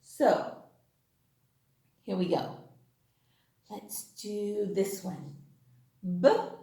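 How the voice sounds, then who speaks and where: A woman kindergarten teacher giving an online phonics lesson to young children, in a sing-song voice full of gasps and excited exclamations. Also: mid-range voice, extremely slow, vocal fry. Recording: echoey room.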